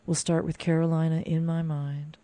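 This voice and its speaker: A woman introducing records as a radio host, her voice sitting a little low with a mellow warmth. She talks in a loose, enthusiastic, conversational way. The sound is dry and close, with no room around her. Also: flat delivery, moderate pace, dry recording. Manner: chatty and enthusiastic, loose with fillers. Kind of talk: casual radio storytelling.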